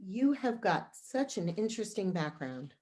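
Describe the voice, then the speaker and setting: A woman's voice: mid-range voice, very animated, a little slow. A woman playing an eager, polite theatre administrator. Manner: warmly encouraging, polite. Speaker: actor in a play reading. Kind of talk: amateur remote play reading.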